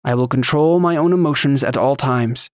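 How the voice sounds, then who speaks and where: A man voicing a restrained male worker slowly reciting a mantra in a strained voice for an audiobook. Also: medium pitch, no room sound, studio quality, natural voice.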